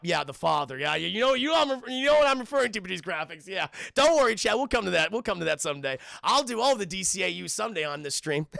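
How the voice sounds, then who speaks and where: A man's voice: on the high side, vocal fry, sharp tone, no echo, clean studio sound. A young man casually recapping a cartoon for his stream chat, rambling and swearing. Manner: rambling, profane, addresses chat constantly.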